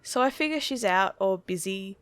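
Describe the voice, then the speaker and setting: A woman narrating a horror story from a script in a steady, measured reading voice. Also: mid-range voice, dry recording.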